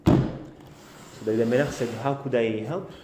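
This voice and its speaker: Halting rabbi telling a story in an echoey room. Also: male voice, mid-range voice. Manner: halting, repeats and restarts phrases; acts out the birds and the king in short quoted bits. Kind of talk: storytelling sermon. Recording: echoey room with faint noise.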